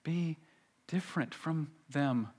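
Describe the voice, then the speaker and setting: A man preaching a sermon, moving between quiet, intense lows and urgent, rising pleas. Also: slow pace, husky. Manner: dynamic preaching, drops to soft intense lows and rises to urgent pleading. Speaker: pastor.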